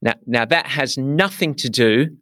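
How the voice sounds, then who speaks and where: A man's voice: medium pitch, expressive, a little slow, a bit bright, dry recording, clean studio sound. A man with an English accent hosting a podcast, chatting casually and often repeating words as he thinks. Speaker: podcast host. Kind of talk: casual conversational interview.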